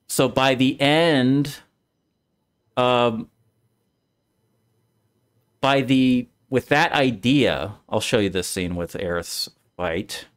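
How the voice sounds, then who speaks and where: Brief: male streamer host, casual and animated, mid-pitched, acts out lines as he explains. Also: extremely slow, long pauses, smooth. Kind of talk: casual game discussion.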